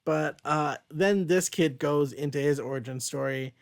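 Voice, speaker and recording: A young man hosting a comic book podcast, chatting casually and laughing often. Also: measured pace. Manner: casual, laughs often, reads quotes in a low flat voice. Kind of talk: casual chat, reading comic lines aloud.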